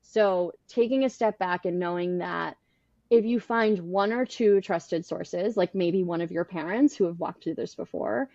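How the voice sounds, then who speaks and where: A woman in her thirties, a baby sleep consultant being interviewed on a podcast, earnest and animated, talking in bursts with restarts. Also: on the low side, a little slow, dry recording, dull audio.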